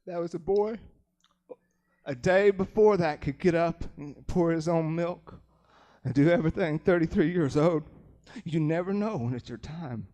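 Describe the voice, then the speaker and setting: A man's voice: fairly high pitch, moderate pace, mellow. A man giving a personal Christian testimony, telling the story in an earnest, plain-spoken way, acting out quotes vividly and repeating words when moved. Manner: vivid, dramatic retelling with acted quotes.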